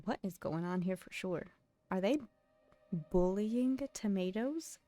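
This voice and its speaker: Young woman streamer, chatty and giggly, mid-pitched, faint game music behind. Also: unhurried, mellow. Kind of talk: casual chat while gaming on stream.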